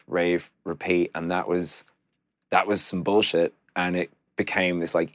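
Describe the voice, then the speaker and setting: A man's voice: sits low, dry recording, studio quality. A man chatting casually as a podcast host, swearing freely and laughing often. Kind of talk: casual chat.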